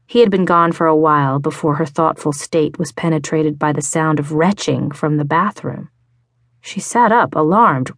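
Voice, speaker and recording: A woman with a low voice reads an audiobook in a measured, even way. She is recorded close in a booth, and the sound is completely dry. The narration is steady and scripted. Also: dry recording. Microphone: close studio mic.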